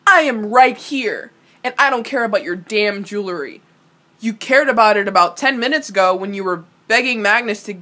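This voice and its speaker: A woman's voice: a little high, pushed and bright. A young woman giving casual reaction commentary on a TV episode, ranting animatedly and swearing freely. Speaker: reaction video host.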